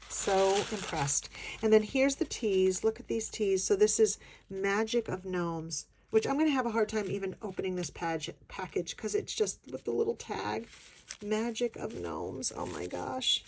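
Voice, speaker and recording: Slow-talking gushing craft vlogger woman. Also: medium pitch, vocal fry, a little hiss or hum. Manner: gushing, excited, gasping often. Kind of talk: casual unboxing chat.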